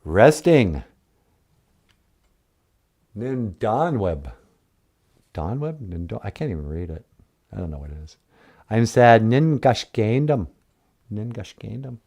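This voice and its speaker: Slow, rambling joking man teaching words. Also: lowish voice, very animated, gravelly, mellow. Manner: jokey, rambling, laughs at own jokes. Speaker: host teaching Ojibwe words. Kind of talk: casual joking language lesson.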